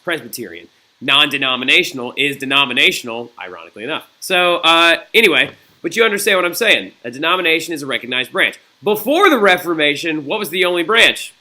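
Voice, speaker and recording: A man's voice: mid-range voice, bright, forceful tone. A man teaching a recorded history lesson in a chatty, digressive way, often checking in with "right?" and "okay?". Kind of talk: recorded classroom lecture.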